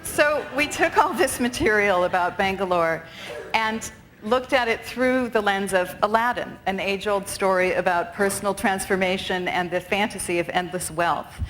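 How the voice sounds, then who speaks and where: A woman's voice: mid-range voice, normal speed, fairly bright tone, slight background noise, rough recording. Woman director giving a conference talk. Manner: articulate, with occasional fillers. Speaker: theater director speaker. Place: conference stage.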